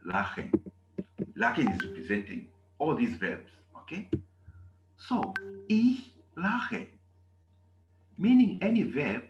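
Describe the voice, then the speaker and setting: A man's voice: on the low side, roomy sound, muffled recording, heavy background noise. A man teaching German verbs in a classroom lesson, repeating himself often and checking with "okay?". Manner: repetitive, emphatic, asks "okay?" often.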